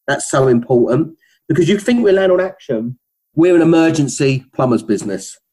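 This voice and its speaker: Husky middle-aged Cockney man. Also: fairly high pitch, animated, moderate pace, dark tone, low-quality recording. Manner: rambling, with many restarts and fillers. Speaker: business founder guest. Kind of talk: casual interview talk.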